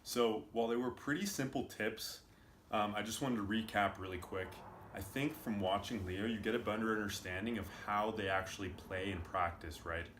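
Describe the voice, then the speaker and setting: Man, casual commentary, low voice, roomy echo, faint hiss. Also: fairly even intonation, moderate pace, a bit bright. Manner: loose, filler-heavy explaining. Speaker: video commentator.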